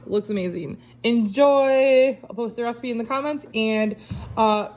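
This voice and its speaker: A woman's voice: fairly high pitch, measured pace. A middle-aged woman chatting casually to viewers while cooking in her home kitchen. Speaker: cooking vlogger.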